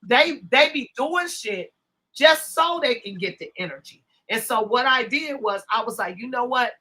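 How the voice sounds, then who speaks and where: Bright-voiced woman hosting a rambling livestream. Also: on the high side, animated, moderate pace, low-quality recording. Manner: loose, rambling, talks to chat while setting up. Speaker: livestream host. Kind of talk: casual livestream chat.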